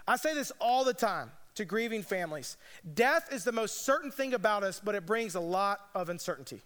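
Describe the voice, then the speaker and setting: A man's voice: high-pitched, lively intonation, a little fast, fairly bright tone. A man preaching a sermon as pastor, earnest but conversational, with casual asides. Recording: long reverb of a large hall.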